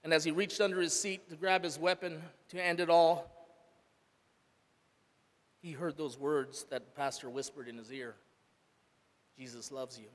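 A man, a father, giving an earnest sermon testimony, rising loud and falling soft. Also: a little high, steady tone, moderate pace, long pauses, long reverb tail. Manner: earnest, swells loud then drops soft. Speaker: church speaker, father.

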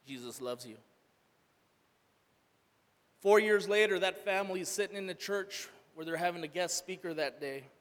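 A man, a father, giving an earnest sermon testimony, rising loud and falling soft. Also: sits high, steady tone, fairly quick, few pauses, in a large hall. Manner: earnest, swells loud then drops soft. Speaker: church speaker, father.

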